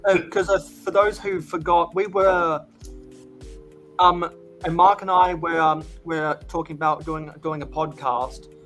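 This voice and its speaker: A man's voice: a little high, fairly even intonation, a bit bright, faint music behind. A man hosting a livestream while building sets, chatting casually with many restarts and hesitations. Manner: halting, lots of restarts. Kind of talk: casual chat.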